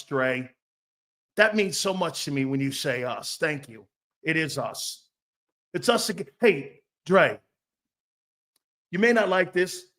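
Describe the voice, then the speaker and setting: A man hosting a sports talk stream, brash and profane, reading chat comments and firing back with loud outbursts and mocking asides. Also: a little high. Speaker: sports talk show host.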